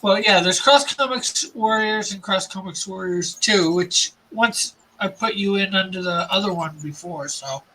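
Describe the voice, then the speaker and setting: A man's voice: high-pitched, unhurried, hardly any pauses, pushed and bright, a little hiss or hum, poor audio. A man hosting a casual comics livestream, explaining things in a rambling way with fillers and restarts.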